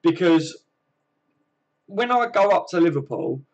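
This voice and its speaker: A man's voice: high-pitched, expressive, a little slow, muffled recording. A man with a southern English accent, hosting a casual live stream and reading out chat messages in matey banter full of fillers. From southern England.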